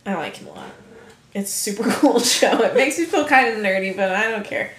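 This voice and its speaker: A young woman co-hosting a podcast in casual chat, animated, laughing often and swearing freely. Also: mid-range voice, brisk. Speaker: podcast co-host. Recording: echoey room.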